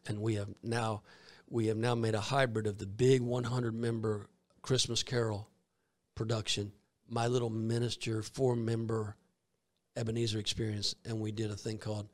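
A man's voice: lowish voice, flat delivery, normal speed, a little mellow, dry recording. A man with a Southern US accent, a minister telling stories in an interview in a rambling way, with frequent restarts. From Georgia, US. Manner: rambling, with many fillers and restarts. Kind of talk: storytelling in an interview.

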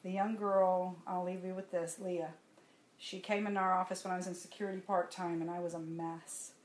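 A woman's voice: on the low side, moderate pace. A woman, telling a personal testimony to a congregation in a conversational, storytelling way. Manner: conversational storytelling, animated when laughing. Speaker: church speaker giving testimony. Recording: echoey room with faint ambience.

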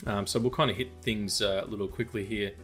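A man's voice: lowish voice, fairly even intonation, fast, fairly bright tone, faint music behind. A man, co-hosting a casual film podcast, rambling with lots of fillers and restarts. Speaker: podcast co-host.

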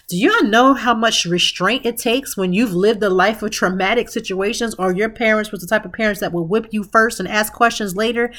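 A woman's voice: mid-range voice, fairly quick, few pauses, fairly bright tone. A woman, hosting a podcast and giving emphatic, opinionated commentary straight to her listeners. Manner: emphatic, conversational, addresses listeners directly as "y'all". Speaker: podcast host.

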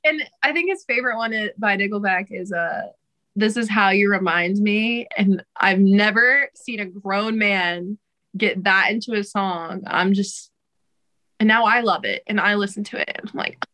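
A woman's voice: medium pitch, moderate pace, sharp tone, poor audio. A young woman, a singer, chatting casually as a podcast guest, laughing often and using casual slang and swearing. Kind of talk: casual interview chat.

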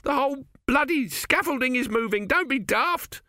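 A man's voice: extremely high pitch, animated, normal speed, bright, forceful tone, no room sound, studio quality, pitched above the performer's own voice, exaggerated voice. Man putting on a quavering, panicky builder. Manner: quavering, jittery, pleading. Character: nervous quavering male pyramid builder.

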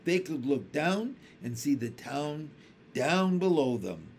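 A man reading a children's book aloud with expressive storytelling. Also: on the high side, slow, a little hiss or hum. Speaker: audiobook reader.

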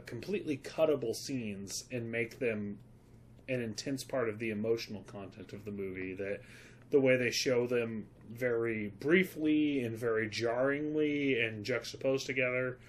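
A man's voice: medium pitch, a little hiss or hum. A man co-hosting a casual film podcast, talking in an earnest, rambling, opinionated way. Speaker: podcast co-host.

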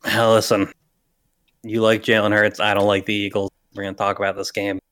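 A young man co-hosting a casual sports podcast, laid-back and dry, often trailing off quietly. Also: lowish voice, little pitch movement, brisk, no room sound. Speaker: podcast co-host.

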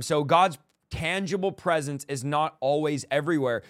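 A man hosts a Christian podcast, his voice sitting a little high and sounding dry and close to the mic. He talks with a preacher's lift, pushing points with energy and tossing in quick "come on" affirmations while his guest speaks. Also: no room sound. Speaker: podcast host. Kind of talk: casual Christian podcast talk.

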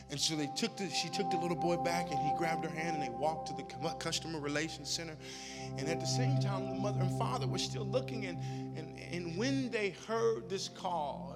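A man's voice: a little high, fairly quick. A man preaching a sermon as pastor, with rhythmic, repetitive phrasing that builds in emphasis. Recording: long hall reverb with music behind.

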